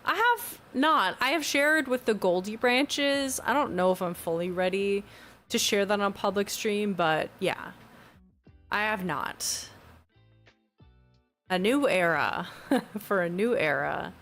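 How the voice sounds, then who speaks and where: A woman's voice: medium pitch, slow pace, long pauses, a bit bright, soft background music. A young woman chatting casually on a live stream from her new home, talking into a desk USB mic without a pop filter. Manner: chatty, rambling, giggly. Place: new home with fan and AC running.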